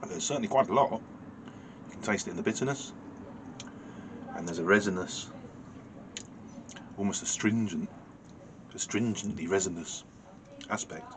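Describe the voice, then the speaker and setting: Low-voiced man musing over a beer. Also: measured pace, pauses often, background noise. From United Kingdom. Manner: dry, understated, musing with many fillers and self-corrections. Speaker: beer reviewer. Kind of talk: casual beer review vlog.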